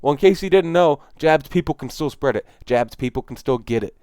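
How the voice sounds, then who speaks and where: A man talks through news clips in an exasperated, emphatic way, circling back to the same phrases. His voice is smooth and clear, recorded dry and close. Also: on the high side, animated, fairly quick, darkish tone, no room sound. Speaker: video commentator. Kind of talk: casual commentary on news clips.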